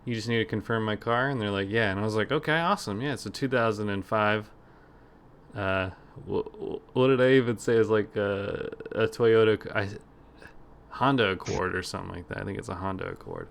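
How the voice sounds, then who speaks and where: Animated young man telling a story. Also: fairly low pitch, fairly quick, vocal fry. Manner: animated, laughing, mimics callers, swears freely. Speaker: podcast co-host. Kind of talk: casual storytelling chat.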